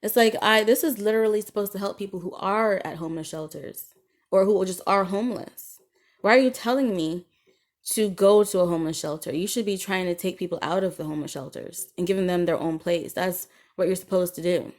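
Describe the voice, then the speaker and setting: A woman talks alone on her podcast in a slightly low voice, airing grievances in a loose, indignant rant. She rambles, stops for frequent ums and restarts, and swears freely as she goes. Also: steady tone, fairly quick. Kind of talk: casual solo podcast monologue.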